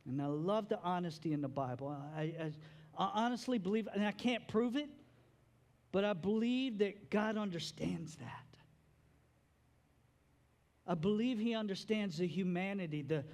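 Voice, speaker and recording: A man's voice: high-pitched, moderate pace, long pauses, a little mellow. A man, a father, preaching a sermon in a chatty, conversational way, repeating words as he builds each point. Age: adult father. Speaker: pastor.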